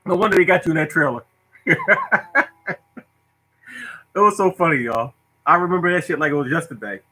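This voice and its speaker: A man's voice: fairly high pitch, lively intonation, fairly quick, pushed and bright, rough recording. A middle-aged man telling a funny story from his childhood in casual talk, laughing often and acting out the people in it. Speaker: storyteller host. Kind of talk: casual storytelling monologue to viewers.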